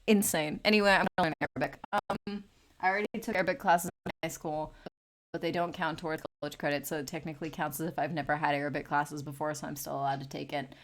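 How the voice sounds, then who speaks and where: A woman in her late twenties with a deep, steady voice talks quickly while drawing on a live stream, with a little hiss or hum in the background. As an art streamer she chats casually, rambles and swears freely.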